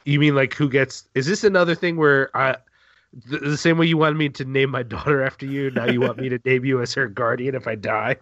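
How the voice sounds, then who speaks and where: A sick man co-hosts a podcast at a middling pitch and trades in wry, sarcastic humor. His voice comes through a dull, muffled line with no room sound at all. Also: steady tone, fairly quick, a bit bright, dry recording. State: sick with a cold. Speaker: podcast co-host. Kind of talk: comedic podcast chat.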